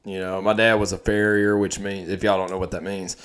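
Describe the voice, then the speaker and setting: A man's voice: deep voice, a little fast, clean tone. A young man, telling stories in casual, profane podcast chat as host. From Texas. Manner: profane, animated storytelling.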